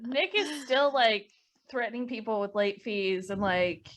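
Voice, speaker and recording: A cheerful woman chats through her character's actions in a tabletop game. Her voice sits a little high. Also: measured pace. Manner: cheerful, chatty. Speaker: player.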